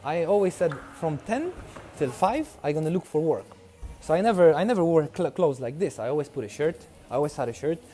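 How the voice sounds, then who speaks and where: A young man from Poland speaks English with a Polish accent. His voice sits a little high, and he tells his story in animated bursts, acting out the other people in it and restarting his sentences. Faint music plays underneath. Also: brisk, hardly any pauses. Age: young adult. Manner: animated, acts out dialogue, frequent restarts. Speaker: documentary subject. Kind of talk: casual interview storytelling.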